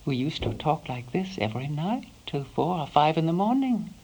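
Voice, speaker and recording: A woman playing a devoted elderly housekeeper, recalling her employer in a soft first-person monologue that sometimes sinks to a whisper. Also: deep voice, very animated, normal speed, slight background noise, rough recording. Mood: wistful. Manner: soft-spoken, slips into hushed whispers.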